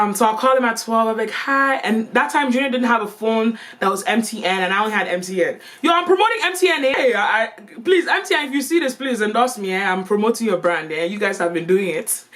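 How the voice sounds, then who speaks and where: A young woman telling a storytime vlog in an animated, playful and slangy way. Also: on the high side. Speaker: vlogger.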